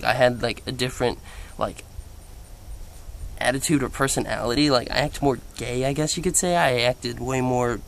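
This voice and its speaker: Young man, casual vlog storyteller, chatty and animated, heavy filler words. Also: mid-range voice, gravelly. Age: young adult. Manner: quotes others in playful voices. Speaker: vlogger.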